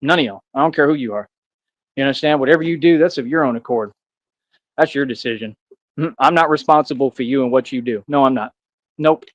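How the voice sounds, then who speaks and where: A man's voice: mid-range voice, fairly quick, no echo, highs cut off. An American man in a ranting monologue, defiant and boastful, confronting his critics and repeating himself as a self-styled vigilante. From United States.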